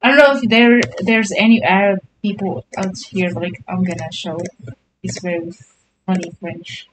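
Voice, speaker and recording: A woman's voice: fairly low pitch, steady tone, normal speed, noisy background. A woman chatting casually and playfully while drawing with friends. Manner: playful and teasing. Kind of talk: casual chat.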